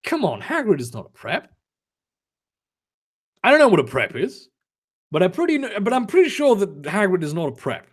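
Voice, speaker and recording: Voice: mid-range voice, big pitch swings, moderate pace, long pauses, husky. Sarcastic, swearing comedic reader. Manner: sarcastic, exasperated, swears often. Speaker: fanfiction reader and commentator. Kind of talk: comedic dramatic reading with commentary.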